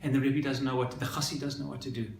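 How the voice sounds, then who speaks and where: A male rabbi delivers a sermon and tells its story in an expressive, dramatic manner. His voice sits at an ordinary pitch. The recording has a roomy echo and a faint background hiss. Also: fast talker, vocal fry.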